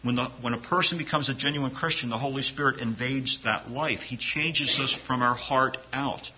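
A man's voice: mid-range voice, normal speed, highs cut off, a little hiss or hum. A man preaching a sermon to his congregation in an earnest, conversational way, often restarting his phrases. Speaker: pastor.

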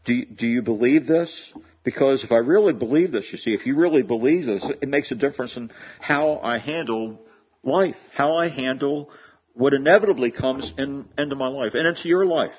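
A man's voice: mid-range voice, moderate pace, husky, lo-fi sound. A man preaching a sermon in an earnest way, often repeating words as he builds a point. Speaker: pastor.

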